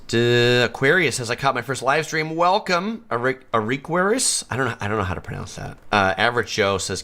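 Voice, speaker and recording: A man's voice: low voice, sharp tone. A man from San Diego hosting a live stream, chatting easily and laughing often as he reads viewer comments. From United States (San Diego).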